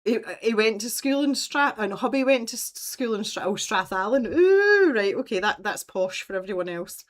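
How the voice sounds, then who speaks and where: A woman chats casually as she hosts a craft livestream. She tells long, roundabout stories in an easy, conversational way and reads out comments from her viewers. Her voice sits at a middle pitch. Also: steady tone, moderate pace, few pauses. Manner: rambling, chatty storytelling, reads out viewer comments.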